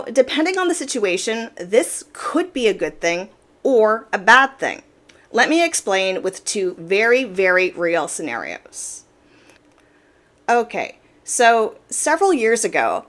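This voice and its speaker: Speaking in a slightly bright mid-range voice, a female commentary host explains her opinions in a straightforward, informal way. She drives her points home by repeating words.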